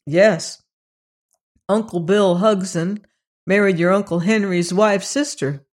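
A reader voicing a cheerful young farm boy in an audiobook, slightly higher and brighter than the narration. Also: steady tone, slow. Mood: cheery. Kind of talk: audiobook character reading.

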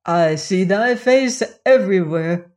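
A woman voicing a young prince, quiet and devoted, speaking solemnly in old-fashioned words. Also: fairly low pitch, slow pace. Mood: earnest.

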